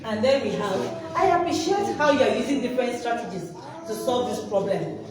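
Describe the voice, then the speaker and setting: Presenting a workshop, a woman with a slightly high, expressive voice and a moderate pace gives prompts for her audience to finish as she teaches interactively. The echoey hall, distant mic, and background noise shape the recording.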